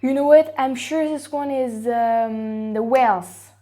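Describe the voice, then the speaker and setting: A woman from France with a French accent, chatting on a casual reaction vlog and thinking aloud with lots of restarts and bursts of excitement. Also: a little high, slow pace. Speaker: vlogger.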